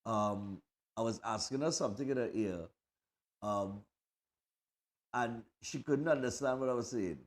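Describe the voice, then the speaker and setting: Trinidadian man, morning show host, casual live commentary, rambling, lots of fillers, mid-pitched. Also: unhurried, long pauses. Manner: chatty and rambling, many fillers and restarts. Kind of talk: casual live commentary over parade footage.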